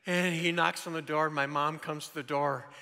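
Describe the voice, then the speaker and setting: A man in his sixties preaching a sermon, telling stories in an animated way that swings from loud to hushed. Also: a little high, normal speed, vocal fry, long reverb tail. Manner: animated storytelling, shifting between loud and hushed.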